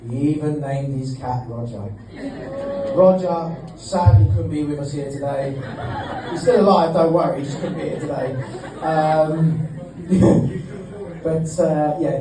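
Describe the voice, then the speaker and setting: A man's voice: medium pitch, noisy background. A man giving a joking best man speech at a wedding, teasing the groom and laughing between lines. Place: wedding reception hall. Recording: echoey hall, mic at a distance.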